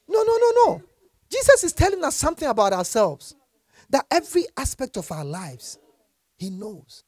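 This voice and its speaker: A man preaching a lively sermon from scripture, laughing often and swinging from quiet asides to shouted exhortations. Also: very high-pitched, moderate pace. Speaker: pastor.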